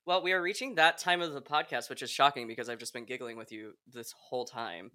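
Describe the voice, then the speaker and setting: A man's voice: mid-range voice, fast talker, sharp tone. A young man hosting a podcast, chatting in a giggly, gossipy way with lots of fillers. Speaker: podcast host. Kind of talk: casual chat.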